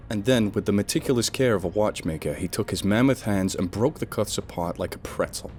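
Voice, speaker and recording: A man with a fairly low voice reads a first-person horror story aloud. He tells it dramatically, leaning into the gore and suspense of each scene. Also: a little fast, few pauses, a little mellow, husky, soft background music. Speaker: narrator.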